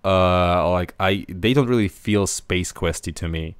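A man's voice: sits low, unhurried, smooth, no echo. A man hosting a casual podcast discussion, talking with many fillers and restarts. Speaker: podcast host.

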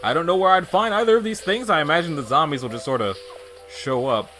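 Lively guy talking thru a game he's playing, kinda high voice, bit of music behind. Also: quick pace. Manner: chatty, animated, thinks aloud. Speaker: let's play gamer. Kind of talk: casual gameplay commentary.

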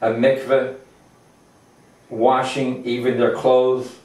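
Slow, halting older man teaching Torah. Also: mid-range voice, little pitch movement, darkish tone. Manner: halting, many fillers and restarts. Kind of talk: informal religious lecture. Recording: echoey room, distant mic.

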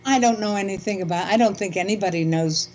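An older woman speaks calmly and steadily, shaping her sentences with care. Her voice comes through dull and muffled, as if from a low-grade line. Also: quick pace, a little hiss or hum. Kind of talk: casual conversation.

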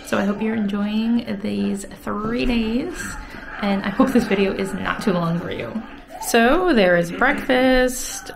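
A woman's voice: mid-range voice, vocal fry. A woman in her thirties chatting casually at home for her vlog, with frequent laughs and fillers. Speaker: vlogger, teacher. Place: home, indoors.

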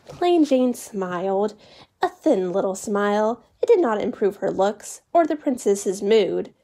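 Calm storytime reader, woman, mellow and unhurried. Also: mid-range voice. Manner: calm, expressive read-aloud. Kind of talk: reading a children's story aloud.

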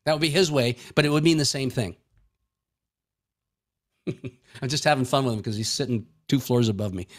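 A man's voice: mid-range voice, normal speed, long pauses. A male pastor preaching a sermon in a folksy, joking way, acting out everyday conversations.

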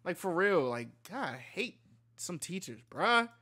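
A young man reacting to online clips, talking casually with lots of cursing, swinging between loud rants and low mumbles. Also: big pitch swings, unhurried. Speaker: reaction video host.

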